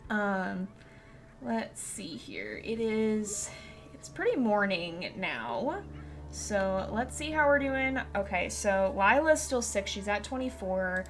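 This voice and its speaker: A woman streaming a wildlife game, chatting casually with viewers and reacting out loud to what happens. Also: medium pitch, big pitch swings, slow. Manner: chatty, reacts loudly and squeals when scared; soft and gentle when giving advice to viewers. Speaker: gaming streamer. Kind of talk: casual let's-play commentary.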